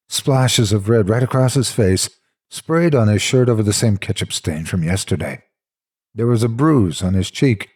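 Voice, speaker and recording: A man's voice: medium pitch, darkish tone, slightly rough. A man narrating a horror story in the first person, with a dramatic, intense delivery.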